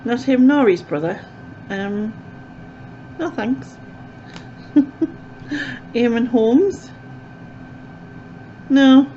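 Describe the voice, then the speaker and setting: A woman's voice: fairly high pitch, lively intonation, very slow, pauses often, dark tone, a little hiss or hum. A woman chatting casually as a vlogger, rambling with lots of fillers, recorded with dull, lo-fi sound. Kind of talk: casual chat to camera.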